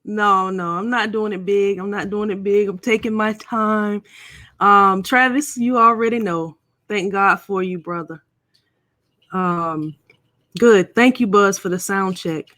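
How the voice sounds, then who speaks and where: A woman's voice: medium pitch, steady tone, unhurried, fairly bright tone, no echo. A middle-aged woman hosting a casual live stream, chatting and playfully teasing viewers.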